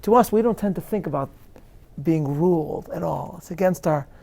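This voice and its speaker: A man, a rabbi answering questions at a live interview, speaking in an earnest, measured lecture style with emphatic stresses and frequent restarts. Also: fairly high pitch, creaky, mellow.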